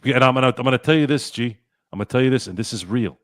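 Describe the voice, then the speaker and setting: A man's voice: medium pitch, racing, no room sound, studio quality. A man hosting a sports talk show, ranting bluntly and swearing freely. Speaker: podcast host.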